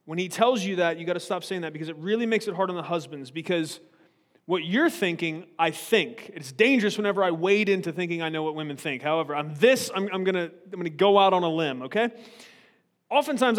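A man's voice: high voice, fairly quick. A man preaching a humorous, conversational sermon as pastor, joking and often checking in with his listeners. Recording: reverberant hall.

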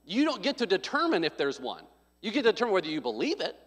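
Bright high-voiced male preacher, echoing church. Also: huge pitch swings, quick pace, slightly rough. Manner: storytelling, joking asides, quotes people in voices. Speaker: pastor. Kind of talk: sermon. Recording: long hall reverb.

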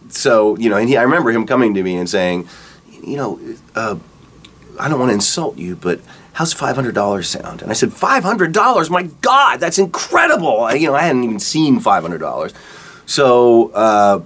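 A middle-aged man, a rock guitarist, casually telling stories about his career in a relaxed, rambling way. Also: lowish voice. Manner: relaxed, rambling, acts out quotes with laughs. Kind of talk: casual storytelling interview.

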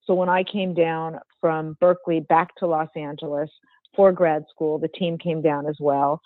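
An older woman, a former football executive, telling an interview story in a measured, emphatic way with a strong voice. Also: on the low side, no room sound. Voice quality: strong, not dainty voice. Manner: measured, emphatic, precise phrasing. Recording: tinny phone-like remote line.

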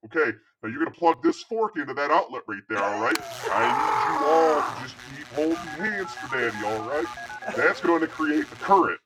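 A man's voice: fairly high pitch, animated, very noisy, close to an everyday voice. Man doing a blustering sorcerer dad. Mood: bossy. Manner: blustering, fatherly, fast-talking. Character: Magnus as a bossy folksy dad, male sorcerer.

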